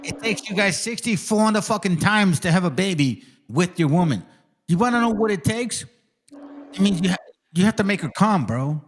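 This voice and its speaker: A stream host with a high-pitched, animated voice rants heatedly through a casual reaction commentary, swearing constantly. He talks at a normal speed, with slight background noise behind him.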